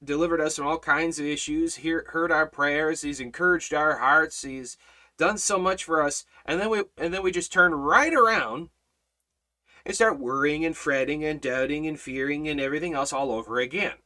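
A man teaching a Bible study in a preaching style, emphatic, repeating words and swinging between loud and soft. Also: a little high, normal speed.

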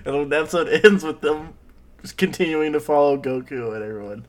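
A man's voice: a little high, brisk. A man hosting a casual chat show, summing up an episode and passing the question to each guest. He talks in a loose, joking way and teases the others. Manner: joking, teasing. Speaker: podcast host.

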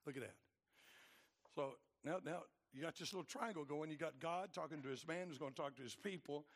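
Preacher guy, high raspy voice, gets loud then goes real quiet. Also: a little fast. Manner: swings from loud preaching to low, quiet asides. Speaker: pastor. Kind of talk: sermon.

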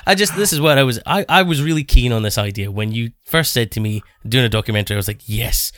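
A man's voice: medium pitch, quick pace, fairly bright tone, dry recording, clean studio sound. A man with a Scottish accent co-hosting a podcast, talking in a chatty, joking way with frequent restarts. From Scotland. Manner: chatty, restarts often, jokey asides. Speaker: podcast co-host. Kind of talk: casual podcast chat.

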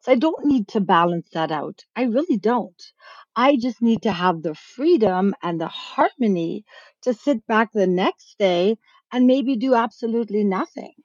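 A frank, emphatic woman coach explains her views in a podcast interview, her pitch sitting mid-range. The sound is dry and a little dull and lo-fi. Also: animated, moderate pace, darkish tone, no echo. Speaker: business coach and author.

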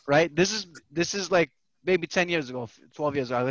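A man's voice: a little high, normal speed, long pauses, dry recording. A man in his thirties hosting a casual chat, telling profane stories and acting out what other people said. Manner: profane storytelling, animated quoting of others. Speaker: podcast host.

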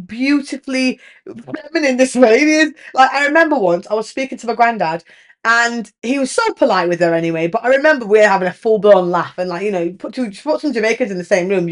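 A woman hosts a casual podcast in a slightly higher-than-average voice. She talks frankly and with lots of energy, swearing freely as she tells her stories. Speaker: podcast host. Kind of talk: candid casual chat.

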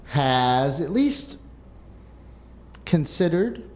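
A man co-hosting a casual local talk show, teasing his co-hosts and pitching jokes. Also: very animated, drawn-out words, a little mellow. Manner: joking, teasing. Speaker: co-host. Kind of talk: casual chat.

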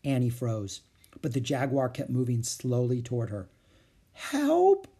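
A man reading a children's chapter book aloud as a storyteller, with expressive, animated delivery. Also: medium pitch, normal speed, husky.

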